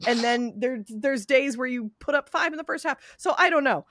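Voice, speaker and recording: A woman co-hosting a podcast in casual chat, blunt and animated, swearing freely. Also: sits high, normal speed, no echo. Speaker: podcast co-host.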